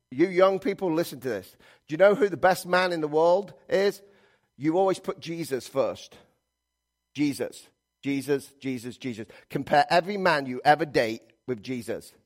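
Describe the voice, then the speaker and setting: A middle-aged pastor preaches with a slightly raised voice, hammering points through repetition. He swings from loud, stressed lines to quiet, low asides as he addresses his congregation. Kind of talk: sermon.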